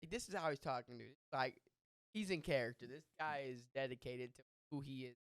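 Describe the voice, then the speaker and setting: A young man hosting a podcast, telling a story in casual chat, animated and profane with quick asides. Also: mid-range voice, no room sound, studio quality. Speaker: podcast host.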